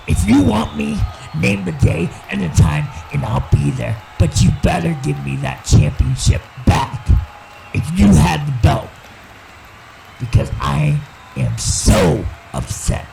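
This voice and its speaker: Male actor as vengeful evil clown wrestler: rough fry-heavy voice, slightly high, yelling promo threats over clear background music. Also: exaggerated voice, rough recording. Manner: yells threats, swings between brooding and shouting. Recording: music playing clearly behind.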